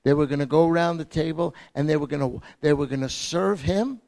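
A man preaching a sermon with slides, dramatic, swinging from loud emphasis to hushed, soft passages. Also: a little high, a little fast.

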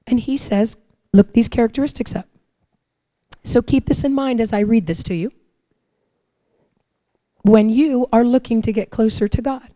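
A woman giving a sermon, telling lively personal stories and acting out her own prayers and the answers she hears. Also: fairly high pitch, normal speed, long pauses, no room sound. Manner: animated storytelling, acts out her own prayers and God's replies. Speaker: preacher.

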